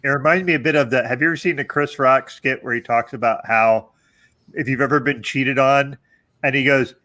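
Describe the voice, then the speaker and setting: A man's voice: mid-range voice, fairly even intonation, fairly quick, sharp tone. A man hosting a podcast, chiming in with short helpful remarks in casual chat. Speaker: podcast host.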